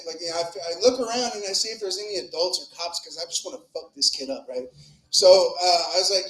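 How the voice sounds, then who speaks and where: A man's voice: high-pitched, fast, sharp tone. A man doing a crude, rambling, profane open-mic stand-up set on a club stage. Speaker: stand-up comic. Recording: echoey club room.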